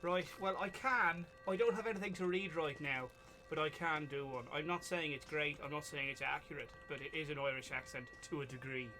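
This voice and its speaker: A male streamer who giggles and rambles as he plays, his voice sitting a touch above the usual for a man. Game music runs clearly under everything he says, in a loose live-stream chat. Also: fairly high pitch, fairly even intonation, brisk, pushed and bright. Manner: giggly, rambling commentary on his own play.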